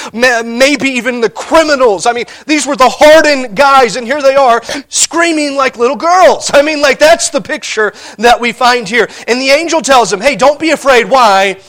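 A man preaching a sermon, animated and emphatic, stopping often to check in with listeners. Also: very high voice. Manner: animated, emphatic, frequent restarts and rhetorical "all right?". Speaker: pastor.

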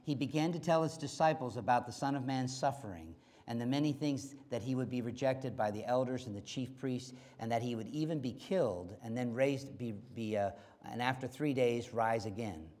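A man preaching a sermon, stressing lines by repeating them, and swinging from loud to hushed. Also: medium pitch, moderate pace, few pauses. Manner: emphatic, repeating key phrases, swinging between loud and quiet.

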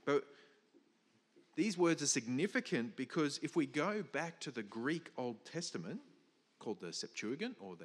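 A man's voice: mid-range voice, big-room sound. A man preaching a sermon, explaining a passage with emphatic stresses, some restarts and fillers. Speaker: pastor.

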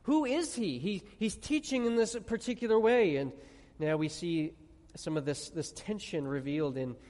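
A man preaching a sermon, emphatic, asking the audience questions and dropping quiet on key words. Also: fairly high pitch, moderate pace. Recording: long reverb of a large hall.

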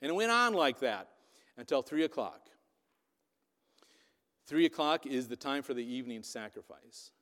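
A man's voice: medium pitch, normal speed, pauses often. Man preaching in a reverberant hall. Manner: animated storytelling, voicing quotes with sarcasm. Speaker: pastor. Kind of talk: sermon.

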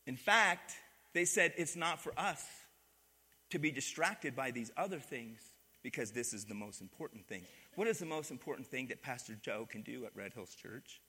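A man's voice: mid-range voice, lively intonation, moderate pace, pushed and bright, slightly rough, in a large hall. A man preaching a sermon as pastor, calling on the congregation to answer back and repeat his words. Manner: call-and-response preaching, asks the congregation to repeat. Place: church sanctuary.

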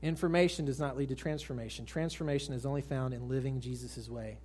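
A male pastor preaching to a congregation, swinging from raised emphatic lines to hushed soft ones and putting questions to his listeners. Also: medium pitch, steady tone, quick pace, husky. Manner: asks the congregation direct questions. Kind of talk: sermon. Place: church service with congregation.

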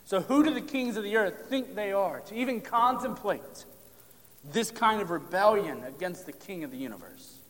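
A man preaching a sermon on a psalm, emphatic, pressing hard on key lines and then dropping to a hush. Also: sits high, lively intonation, normal speed. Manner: emphatic, drops to hushed tones for stress. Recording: long hall reverb.

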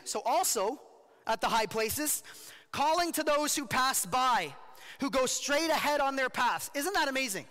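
A male pastor giving an animated, jokey sermon, often asking his listeners questions. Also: very high voice, moderate pace, in a large hall.

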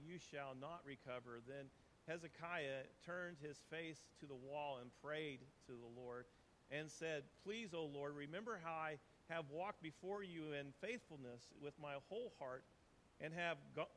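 A man's voice: fairly high pitch, fairly bright tone, a little hiss or hum. A man preaching a sermon, reading scripture aloud with earnest, conversational asides. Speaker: pastor.

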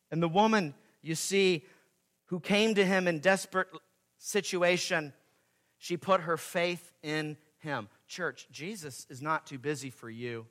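A man preaching a sermon as pastor, swinging between loud emphatic peaks and quiet asides, repeating key phrases. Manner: dramatic swings in pitch and loudness, emphatic repetition.

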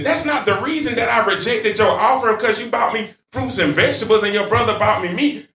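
A man preacher voicing God, softly pleading with a resentful man and then explaining firmly. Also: very high voice, vocal fry, voice pushed up, heavily acted. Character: God, gently reproving a sulking man. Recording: roomy hall from far off.

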